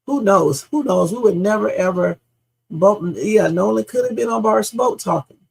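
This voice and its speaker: A woman's voice: mid-range voice, moderate pace, gravelly, a little mellow, slight background noise, rough recording. A woman streaming reaction commentary in a casual, blunt, opinionated way, often tossing in "okay?" and the odd swear word.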